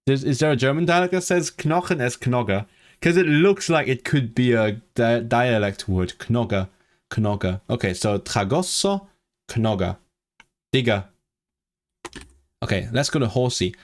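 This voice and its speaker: A man's voice: mid-range voice, lively intonation, a little slow. A man chatting casually on a live stream, thinking aloud and eagerly sounding out foreign words. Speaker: language-learning streamer.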